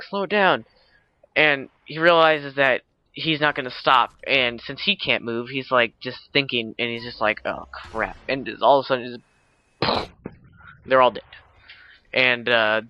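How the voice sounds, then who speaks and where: A man's voice: mid-range voice, fairly even intonation, normal speed. Young guy rambling through a movie recap. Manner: rambling, many fillers and self-corrections. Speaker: video uploader. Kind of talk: casual movie recap vlog. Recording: dull lo-fi home recording.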